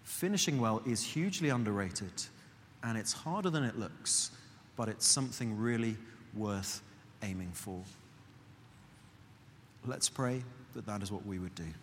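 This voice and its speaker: A man preaching a sermon in a conversational, earnest way, slowing and softening his voice for emphasis. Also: fairly low pitch, lively intonation. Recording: long hall reverb, faint background noise.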